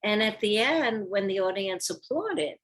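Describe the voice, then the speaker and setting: A woman's voice: medium pitch, a little slow. An older woman, a former ballet dancer, telling stories from her career in a casual interview, acting out the lines of people she quotes. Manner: animated storyteller, acts out quoted lines.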